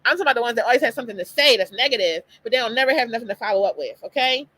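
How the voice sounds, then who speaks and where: A middle-aged woman hosting a live online talk stream, speaking in an animated, emphatic way straight to her listeners. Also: fairly high pitch, very fast, dry recording, low-quality recording. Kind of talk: casual motivational talk.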